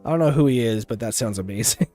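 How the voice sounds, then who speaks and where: A laid-back male streamer chats casually while he plays. His pitch moves around more than he claims it does, and his voice is dry and close to the mic. He chuckles often. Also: expressive, quick pace, mellow, no echo, soft background music. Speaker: gaming streamer. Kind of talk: casual gaming livestream chat.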